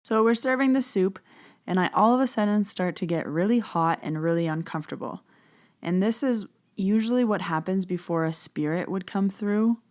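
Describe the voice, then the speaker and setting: Low-voiced chatty woman. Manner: chatty, many "so" and "like" fillers, hushed when she retells whispered talk. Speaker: psychic medium telling her own story. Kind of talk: casual storytelling podcast.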